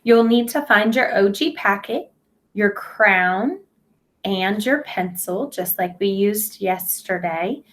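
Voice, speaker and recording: A woman's voice: medium pitch, takes it slowly. A woman teaching a phonics lesson to young children, speaking patiently and over-enunciating sounds.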